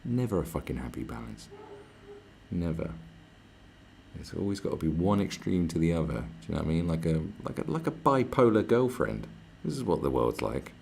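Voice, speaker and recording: Gravelly, very deep-voiced man streaming. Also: big pitch swings, fairly quick, dark tone, a little hiss or hum. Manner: rambling, profane, chatty. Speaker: live streamer. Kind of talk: casual livestream chat. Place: where he is staying, not his home.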